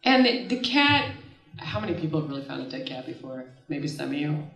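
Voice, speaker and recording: Animated woman telling a story in an echoey room. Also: deep voice, brisk, crowd noise. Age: 30s. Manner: animated and casual, often laughs and swears mid-story. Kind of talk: live personal storytelling on stage. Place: stage at a live storytelling event. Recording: echoey room, voice from far off the mic.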